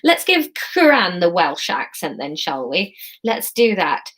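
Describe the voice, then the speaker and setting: A woman's voice: on the low side, big pitch swings, a bit bright, slightly rough. Self-mocking woman reading her own story. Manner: self-mocking, swears casually, quick asides. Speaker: storyteller host of a live audience-choice story. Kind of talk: reading own story with chatty asides to viewers.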